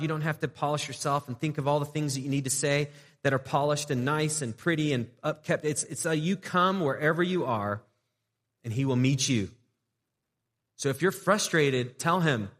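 A male pastor preaching in a relaxed, conversational way, stumbling and restarting now and then and acting out little prayers to show how it's done. His voice sits in a middle register and carries a long reverb off the church walls. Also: medium pitch. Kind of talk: sermon.

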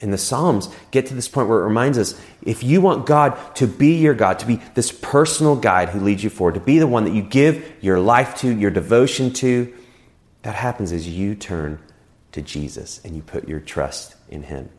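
A man preaching a sermon in a church, earnest, swinging between rising emphasis and quiet, slow prayer lines. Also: lowish voice, animated. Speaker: pastor.

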